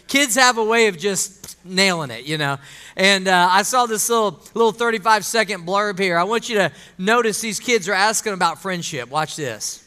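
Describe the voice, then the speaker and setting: A man's voice: high voice, lively intonation, moderate pace, pushed and bright, smooth. A man preaching a conversational sermon to his congregation, asking them questions and calling for amens. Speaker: pastor.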